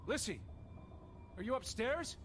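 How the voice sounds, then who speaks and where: A weary, anxious searcher. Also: male voice, lowish voice, very animated, moderate pace, slight background noise. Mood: anxious calling. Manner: anxious, calling out into the dark. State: exhausted. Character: weary man searching for his sister.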